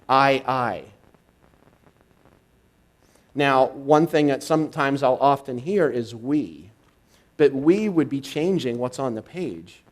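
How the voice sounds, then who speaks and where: A man's voice: medium pitch, a little mellow, rough recording. Reflective male minister giving a sermon. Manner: teaching, reflective, unhurried. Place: spiritual center congregation, live.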